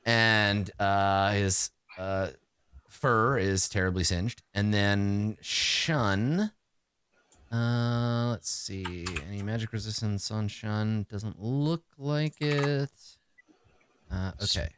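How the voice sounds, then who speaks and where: A man narrating a tabletop game as game master, halting with many fillers and frequent chuckles. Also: lowish voice, fairly bright tone, slight background noise.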